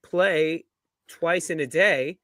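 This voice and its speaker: A man's voice: on the high side, slow pace, bright, forceful tone, no echo, studio quality. A man co-hosting a football fan show, joking through casual banter and laughing often. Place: live-streamed show.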